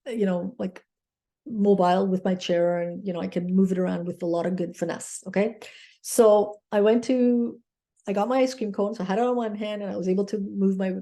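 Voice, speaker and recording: A woman's voice: mid-range voice, dark tone. A woman mindset coach telling a personal story in an earnest, grateful way, often checking in with her listeners with "okay?".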